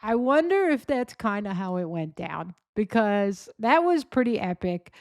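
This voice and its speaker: A woman's voice: medium pitch, sing-song, unhurried, no echo, studio quality. A woman hosting a commentary show, talking in a sarcastic, mocking, rambling way. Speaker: host. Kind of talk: commentary on clips.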